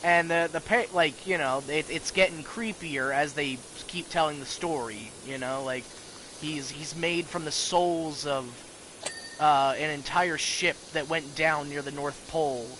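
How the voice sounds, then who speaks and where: A man's voice: a little high, steady tone, unhurried, bright, forceful tone, a little hiss or hum, low-quality recording. A man rambling casually and profanely about horror shows while playing a video game. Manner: rambling, profane, full of restarts. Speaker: gaming video host.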